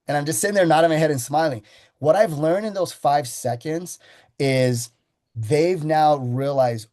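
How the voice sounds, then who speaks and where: Mellow-voiced man coaching a sales team. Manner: storytelling, acts out his sales pitch with slow deliberate pauses. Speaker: sales trainer. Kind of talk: sales training talk.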